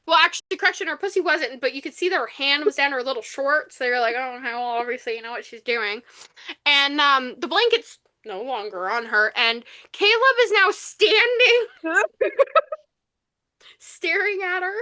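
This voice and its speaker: A young woman co-hosting a podcast, retelling a book's plot in an animated, casual way with lots of fillers. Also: high voice, normal speed, no room sound. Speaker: podcast co-host. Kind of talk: casual book review chat.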